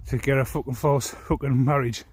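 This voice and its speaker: A man's voice: medium pitch, fairly even intonation, brisk, husky, no echo. A man ranting angrily to the camera in a rambling, profane, aggrieved way. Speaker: vlogger. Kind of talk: angry personal rant.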